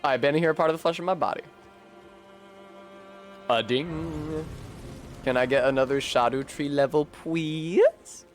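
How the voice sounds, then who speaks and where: A man with a New England accent streaming a game, joking sarcastically, swearing and sometimes shouting in frustration. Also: on the high side, a little slow, pauses often, soft background music. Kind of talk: casual gameplay commentary.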